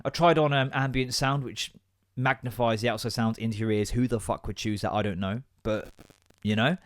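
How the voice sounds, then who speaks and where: A man's voice: mid-range voice, normal speed, dry recording. A man in his thirties rants through a comedy podcast, sweary and exasperated. He sounds close up in a dry, dead room and keeps swinging into mocking voices. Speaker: podcast host. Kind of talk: comic rant.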